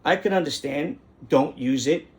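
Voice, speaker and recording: A man's voice: a little high, moderate pace. Indignant middle-aged man. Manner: indignant, rambling, repeats phrases for emphasis. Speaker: host. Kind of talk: casual monologue rant.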